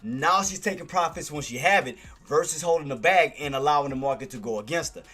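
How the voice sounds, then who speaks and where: A man recapping trades on a casual livestream, talking to his viewers and giving them repeated, excited shout-outs over music. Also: on the high side, quick pace, slightly rough. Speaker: stock trading streamer.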